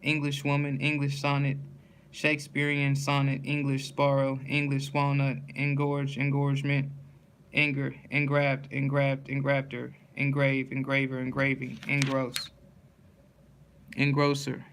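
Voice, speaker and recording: A man reading dictionary entries aloud one by one in a steady list, stumbling and restarting on hard words. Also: mid-range voice, a little slow, a little hiss or hum.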